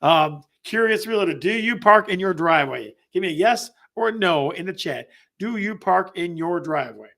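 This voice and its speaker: Upbeat man hosting a live real estate stream, high bright voice, reads chat aloud and repeats phrases. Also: lively intonation, moderate pace, gravelly. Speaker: real estate show host.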